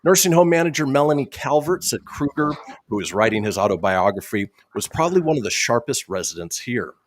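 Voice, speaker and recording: A male radio host reads quirky news stories and slips jokes in between them. His pitch swings widely as he talks. The sound is dry and close to the mic. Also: animated, a little fast, dry recording. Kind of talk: reading news stories on a comedy talk show.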